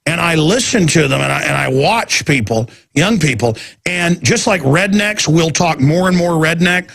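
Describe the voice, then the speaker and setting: Gravelly Texan man ranting on talk radio. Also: on the high side, animated, normal speed, a bit bright. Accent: Texas. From Texas. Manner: ranting, mocking impressions. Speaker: radio show host.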